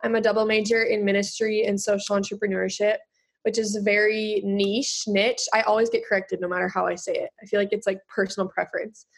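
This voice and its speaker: Bubbly young woman with vocal fry. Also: medium pitch, flat delivery, quick pace. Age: late teens. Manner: chatty, bubbly, many fillers. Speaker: guest, young entrepreneur. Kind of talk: casual interview chat.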